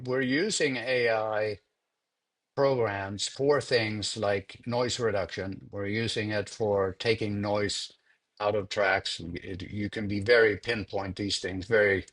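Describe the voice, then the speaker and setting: An older man, a film sound editor being interviewed, telling a story in an unhurried, conversational way and repeating words as he thinks. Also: fairly low pitch, fairly bright tone.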